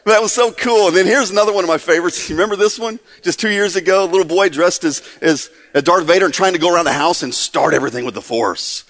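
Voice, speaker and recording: A man's voice: high-pitched, quick pace, hardly any pauses, a bit bright. A man in his forties, a pastor, opening a sermon in an upbeat, chatty way and quizzing the congregation. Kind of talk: casual sermon opener. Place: church hall. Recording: long church reverb.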